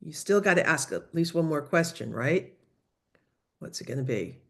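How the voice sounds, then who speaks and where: A woman teaching a lively online language lesson, coaching students through phrases over a video call. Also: low voice, moderate pace, creaky. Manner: lively, coaching, switches between English and Spanish phrases. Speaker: Spanish teacher.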